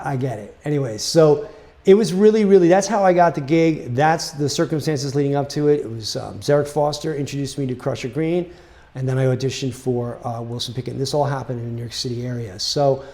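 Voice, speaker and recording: A man telling a story about his music career in a casual, animated way, full of fillers like "right?" and "you know". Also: mid-range voice. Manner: animated, chatty, with many fillers.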